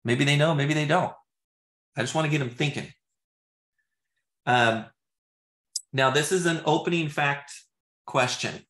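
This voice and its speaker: A man working as a real estate agent, teaching in a loose, casual way, full of fillers like "you know" and "like", and trying sales questions out loud. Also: a little high, unhurried, pauses often. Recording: roomy echo.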